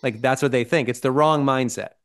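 A man's voice: mid-range voice, brisk. Man co-hosting a parenting podcast. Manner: explanatory, emphatic, frequent check-ins like "right?" and "okay?". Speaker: podcast co-host. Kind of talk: casual chat.

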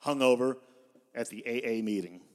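A man in his fifties giving a live poetry reading in a bar, with deadpan, self-mocking storytelling. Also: mid-range voice, normal speed. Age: 50s. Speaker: poet.

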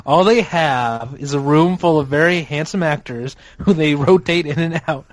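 Podcast host guy, kinda high voice, lots of ums and restarts, laughs a bunch. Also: moderate pace, dry recording. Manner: hesitant, many ums and restarts, laughs often. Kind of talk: casual chat.

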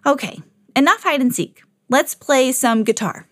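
A woman voicing a cheerful, eager young male cat in a storybook, with an upbeat, lively delivery. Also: high voice, measured pace, no room sound, clean studio sound, pitched above the performer's own voice, heavily acted.

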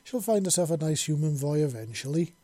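A man voicing a playful young woman gently teasing her brother. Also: on the high side, animated, a little fast, pitched above the performer's own voice. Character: playful young sister, grinning.

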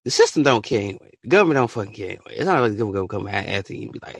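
A man hosting a podcast, ranting his opinion in an animated, profane way and bursting into shouts. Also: mid-range voice, fast, slightly rough, no room sound, studio quality. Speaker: podcast host.

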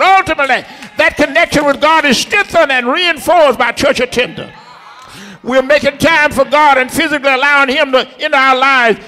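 A man preaching a sermon from the pulpit, shouting in a rhythmic, chanting cadence inside a church. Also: very high-pitched. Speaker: pastor. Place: church sanctuary. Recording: long echoey church hall.

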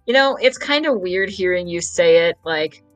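A male podcast host with a high-pitched, animated, slightly bright voice chats casually, rambling, stammering and laughing easily. Faint music plays behind him, and the recording is rough.

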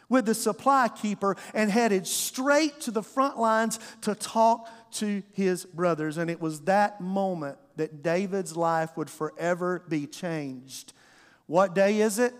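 High-voiced pastor preaching. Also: male voice. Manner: storytelling preacher, acts out voices, calls to the congregation. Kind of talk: sermon. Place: church sanctuary. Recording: long hall reverb.

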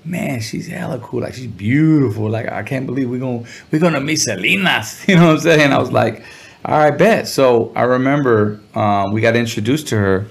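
With a gravelly, medium-pitched voice at normal speed, this LA-area musician guest tells a casual, slang-filled story in an interview. Along the way he briefly imitates other people's voices in a relaxed manner.

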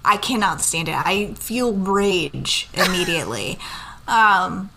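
A woman's voice: on the low side, lively intonation, slow, gravelly, noisy background. A woman co-hosting a casual chat, blunt, swearing freely and laughing often.

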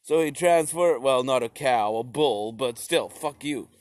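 A man's voice: medium pitch, measured pace, no echo. A young man giving a rambling, profane comedic history rant, full of slips and restarts.

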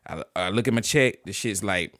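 A man's voice: fairly low pitch, fairly quick, a bit bright, no echo, clean studio sound. A man co-hosting a casual podcast chat, telling a story in a laid-back, joking, profane way. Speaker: podcast co-host.

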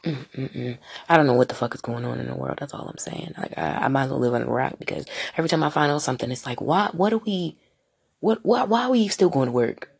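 A woman hosting her own podcast, ranting in a rambling, profane way and putting on mocking voices, a little high as she talks. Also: animated, quick pace, vocal fry, a little mellow, husky. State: partially high. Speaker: podcast host. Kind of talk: casual solo podcast rant.

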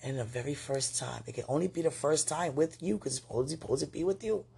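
A woman's voice: low voice, fast, gravelly, dark tone, husky. A woman hosting a spiritual podcast, speaking to a loved one in a gushing, giggly, rambling way, full of "you know"s. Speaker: podcast host.

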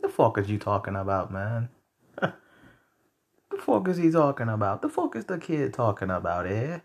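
A man's voice: mid-range voice, very animated, normal speed, vocal fry. A man putting on the voice of a scoffing, swearing Italian-American tough guy.

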